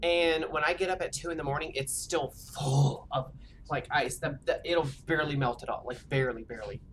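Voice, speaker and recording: A woman with a low, deep voice talks casually while she streams a game at home. She rambles and chats on, often filling gaps with "like", and faint noise hangs under her voice. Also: brisk. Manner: chatty, rambling, full of "like" fillers. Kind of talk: casual chat while gaming.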